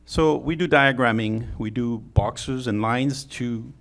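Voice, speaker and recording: A man's voice: mid-range voice, takes it slowly, a bit bright. French man giving a conference talk. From France. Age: middle-aged. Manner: joking, chatty, with many fillers and restarts. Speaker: conference speaker. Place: conference hall.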